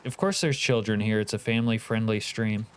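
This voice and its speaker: A man's voice: fairly low pitch, brisk, slight background noise. A man from Canada streaming a multiplayer survival game, chatting casually with teammates and viewers, joking and swearing freely. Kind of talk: casual gaming livestream chat.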